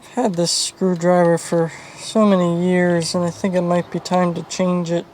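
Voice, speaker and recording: A woman's voice: little pitch movement, normal speed, a little mellow, a little hiss or hum, poor audio. A woman casually narrating a hands-on fan wiring repair, thinking aloud and muttering as she works at a bench. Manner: thinking aloud, low-key, muttering while working. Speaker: video host.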